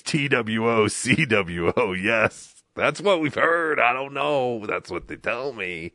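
A man's voice: mid-range voice, expressive, unhurried, hardly any pauses, pushed and bright, no room sound, studio quality. A man hosting a casual live stream, joking with co-hosts and reading out viewer donations. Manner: jokey, reads out viewer donations. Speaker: host.

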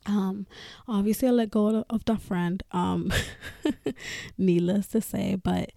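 A woman talks openly on her podcast, swearing freely and laughing between phrases. Her voice is gravelly and dark. The sound is dry and close. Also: mid-range voice, slow, dry recording. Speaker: podcast host. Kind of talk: casual personal talk.

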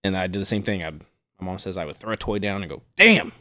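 A man's voice: deep voice, steady tone, rapid-fire. A man on a casual podcast, telling laid-back anecdotes peppered with swearing. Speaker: podcast guest.

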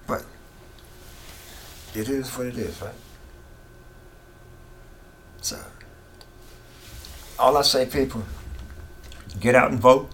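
A man's voice: medium pitch, a bit bright, a little hiss or hum. A middle-aged man giving an impassioned, repetitive opinion monologue as a political commentator. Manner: impassioned, ranting, repeats himself.

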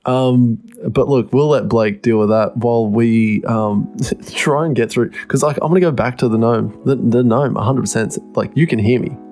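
A young Australian man in relaxed podcast talk, teasing his co-host in an easygoing, mid-pitched voice. Faint music plays under his voice. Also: normal speed. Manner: laid-back, teasing. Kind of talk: casual chat.

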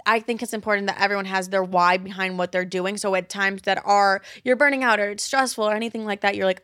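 A woman's voice: medium pitch, fairly even intonation, quick pace, hardly any pauses, fairly bright tone, no room sound, clean studio sound. A young adult woman hosting her own podcast, talking candidly and casually with lots of "like" and frequent swearing. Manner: candid, swears a lot, chatty filler "like". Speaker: podcast host. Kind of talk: casual solo podcast chat.

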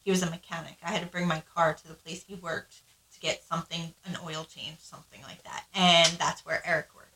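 A woman's voice: sits low, flat delivery, a little fast, pushed and bright, roomy sound, a little hiss or hum, low-quality recording. A woman co-hosting a podcast, telling her story in casual, frank chat, swearing freely and acting out what people said. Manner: frank, swears freely, acts out quoted lines. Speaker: podcast co-host.

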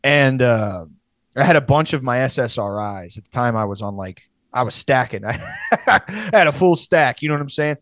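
A man's voice: mid-range voice, animated, moderate pace, fairly bright tone, dry recording. A young man telling a rambling, profane story in casual podcast chat, laughing as he goes.

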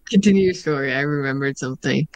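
A woman's voice: rumbling low, quick pace. A young woman co-hosting a podcast, telling stories and teasing her friend in casual chat. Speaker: podcast co-host.

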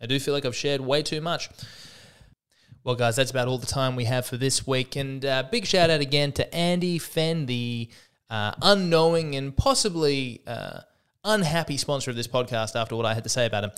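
A man's voice: mid-range voice, normal speed, fairly bright tone, smooth. A man hosting his own podcast alone, talking casually with a self-deprecating, rambling manner and many fillers. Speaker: podcast host. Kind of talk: casual solo podcast monologue.

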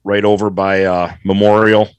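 A man co-hosting a podcast, telling a story in a relaxed, rambling way with many pauses and ums. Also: on the low side, clear, resonant tone, no echo. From Florida. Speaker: podcast co-host. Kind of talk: casual storytelling chat.

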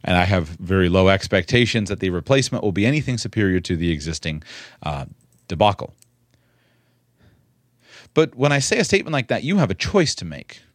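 Man, commentary, earnest and measured, low voice, dry close sound. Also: sing-song, dry recording. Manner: measured, earnest, repeats words for emphasis. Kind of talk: spoken political commentary.

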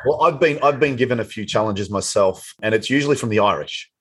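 Guy hosting a chat podcast, kinda husky breathy voice, laughs along a lot. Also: fairly low pitch, brisk. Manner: warm, encouraging, laughs along. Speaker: podcast host. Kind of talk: casual podcast interview.

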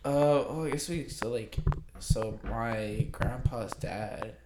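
A man's voice: on the low side, slow pace. Young man rambling, echoey room. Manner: rambling, self-correcting storyteller. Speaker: podcast co-host. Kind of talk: casual chat. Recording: echoey room with loud background noise.

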